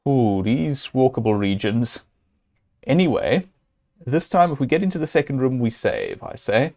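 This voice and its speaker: On a live stream, a man narrates a game while figuring out each move on the fly, his mid-range voice lively in intonation and dark in tone. He thinks aloud hesitantly, with plenty of "um"s, fillers, and restarts. At times he addresses his viewers directly or scolds the game's hero.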